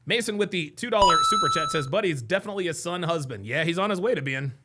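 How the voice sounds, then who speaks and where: A man hosting a livestream, giving excitable, mocking reaction commentary and repeating himself a lot. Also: fairly high pitch, fast. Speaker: livestream host.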